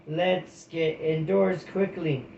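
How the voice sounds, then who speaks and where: A man doing a gentle old abbot. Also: fairly high pitch, fairly even intonation, takes it slowly, vocal fry, echoey room, dull audio, a little hiss or hum. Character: gentle older male hedgehog abbot.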